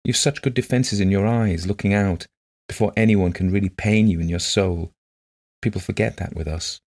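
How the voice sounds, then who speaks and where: A man reading the part of a gentle, shy blind woman who talks softly and earnestly in simple phrases. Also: deep voice, steady tone, moderate pace, pitched above the performer's own voice.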